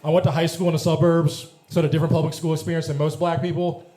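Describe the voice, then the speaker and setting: Proper-sounding young comedian on a club stage. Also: male voice, fairly high pitch, level tone, racing, warm tone. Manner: dry, proper-sounding delivery. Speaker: stand-up comedian. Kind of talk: stand-up set. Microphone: handheld stage mic. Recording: live club with roomy echo and crowd laughter. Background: audience laughing.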